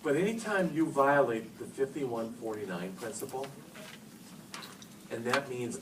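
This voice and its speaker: A man in his fifties giving a lively, joking talk to an audience of educators, acting out phone calls as he tells stories. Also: mid-range voice, a little slow, pauses often. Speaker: speaker at an education workshop. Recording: roomy hall, speaker far from mic, noisy.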